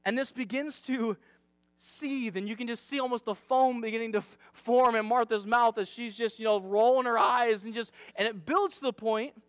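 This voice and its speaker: Male youth pastor, casual sermon, high voice, dry close sound. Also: fairly even intonation, moderate pace, a bit bright, dry recording. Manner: chatty, dramatizing, self-deprecating.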